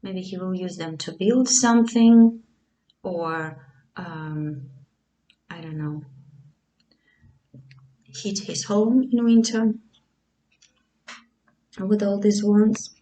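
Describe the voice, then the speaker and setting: Slow, musing woman reading tarot. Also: medium pitch, mellow, recorded from a distance, poor audio. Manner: slow, musing, hesitant with many fillers. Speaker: tarot reader. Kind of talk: casual tarot reading to camera.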